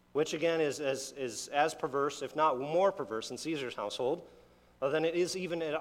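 A man's voice: medium pitch, big-room sound. A man preaching a sermon in a conversational, emphatic way, with asides and restarts. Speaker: pastor.

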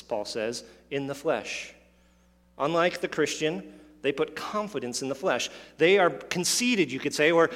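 A man's voice: medium pitch, a bit bright. Preaching man in a reverberant hall. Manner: expository, with rhetorical questions and asides. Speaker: pastor. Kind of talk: sermon.

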